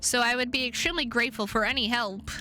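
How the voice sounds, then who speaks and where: A woman voicing a calm, polite male werewolf hunter from a visual novel, reading his lines aloud. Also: on the high side, quick pace, soft background music. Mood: measured.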